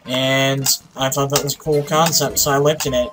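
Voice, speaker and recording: A tired young man giving casual, profane commentary while playing a game, with sudden excited outbursts. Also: mid-range voice, moderate pace, music in the background, poor audio. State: tired, sleepy voice. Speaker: let's play host.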